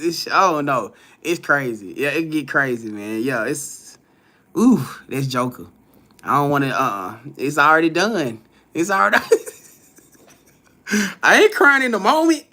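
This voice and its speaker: Man hosting a live stream: high, bright voice, loose and profane, laughs between lines as he reads the chat aloud. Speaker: livestream host reading viewer comments.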